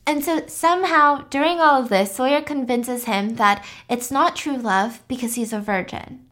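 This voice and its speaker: A woman's voice: high voice, normal speed. Chatty young woman retelling a story. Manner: animated retelling with lots of "like" and acted-out quotes. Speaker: podcast host recapping a film. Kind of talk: casual storytelling chat.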